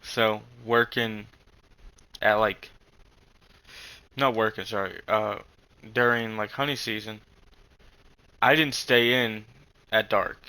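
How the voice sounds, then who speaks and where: A young man telling a rambling story in casual chat, halting with many fillers and frequent swearing. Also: fairly low pitch, steady tone, sharp tone, clear, resonant tone, rough recording.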